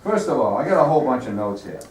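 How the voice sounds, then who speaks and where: A man directing a rehearsal on a stage, giving brisk notes and checking in with "okay?" after each point. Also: medium pitch, very animated, slight background noise. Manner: brisk, repeats "okay?", acts out lines loudly. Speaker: theater director. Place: theater stage. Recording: echoey stage from far off, faint ambience.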